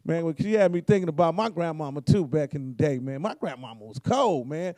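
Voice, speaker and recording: A hoarse man, telling profane, laid-back comedic stories about his family. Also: a little high, lively intonation, fairly quick, mellow, no room sound. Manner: profane, laid-back storytelling, acts out quotes. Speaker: guest comedian. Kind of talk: storytelling comedy.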